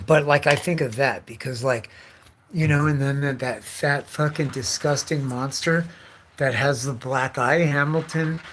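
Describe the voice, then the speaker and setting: A man's voice: medium pitch, fairly even intonation, measured pace, a bit bright, a little hiss or hum. A man hosting his own livestream, telling loose run-on stories packed with cursing. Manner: heavy profanity, loose run-on storytelling. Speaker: livestream host. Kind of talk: casual rambling livestream rant.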